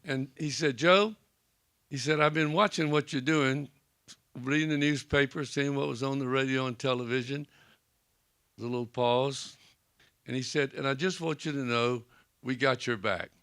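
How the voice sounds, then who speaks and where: An older Presbyterian pastor from the South talks at a moderate pace in a medium-pitched voice that's fairly bright, clear and resonant. On a panel in a library event room, he shares folksy stories and acts out the quoted talk.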